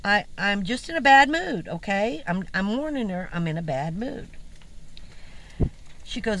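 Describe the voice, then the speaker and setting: A woman who lives in a van talks to her viewers about something that happened to her. Her voice rises and falls in a lively way, and she sounds indignant and animated. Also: mid-range voice, normal speed, a little hiss or hum, poor audio. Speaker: van-dwelling vlogger. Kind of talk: casual storytelling to camera.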